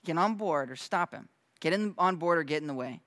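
A man preaching in a loose, conversational way, acting out quick voices and laughing now and then. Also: fairly high pitch, no echo. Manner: animated, acts out quick voices in his story. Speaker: pastor. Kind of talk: casual conversational sermon.

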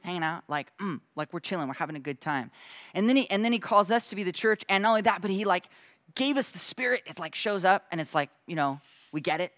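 A man preaching in a loose, conversational way, acting out quick voices and laughing now and then. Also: a little high, no room sound. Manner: animated, acts out quick voices in his story. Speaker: pastor. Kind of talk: casual conversational sermon.

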